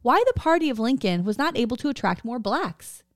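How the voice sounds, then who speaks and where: A woman's voice: on the high side, very animated, brisk, no room sound, studio quality. A woman co-hosting a podcast, telling a story from her notes in a casual, joking way, stumbling over words and swearing now and then. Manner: reads notes aloud with stumbles, swears, laughs.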